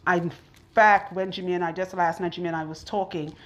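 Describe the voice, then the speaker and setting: Speaking fast in a fairly low, fairly even voice, this woman is a loctician vlogger doing a client's hair in her home salon. She talks casually with her viewers and is occasionally short of breath, and the recording sounds muffled.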